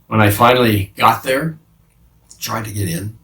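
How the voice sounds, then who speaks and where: A man playing the apostle Peter as a remorseful fisherman, confessing haltingly in a dramatic monologue with many restarts. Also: lowish voice, fairly bright tone. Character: remorseful male fisherman apostle, middle-aged, haunted by guilt. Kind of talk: dramatic first-person monologue. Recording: roomy sound from a distant mic.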